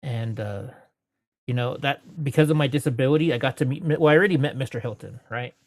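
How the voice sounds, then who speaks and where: A man in his late forties spins loose, rambling stories in an easy, mid-pitched voice. He corrects himself mid-sentence and keeps moving. The recording is dry and close, with no room sound. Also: quick pace, dry recording. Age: 40s. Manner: rambling, self-correcting, laughs between anecdotes; puts on voices when quoting people. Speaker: interview guest. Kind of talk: storytelling in casual interview.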